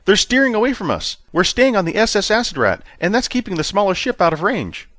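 A man voicing a nervous young male starship officer who gives strained, dutiful reports in a high voice. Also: big pitch swings, brisk, fairly bright tone, no echo. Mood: anxious.

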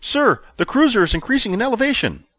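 A man voicing a nervous young male starship officer who gives strained, dutiful reports in a high voice. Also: big pitch swings, quick pace, bright, forceful tone, no room sound, heavily acted. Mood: anxious.

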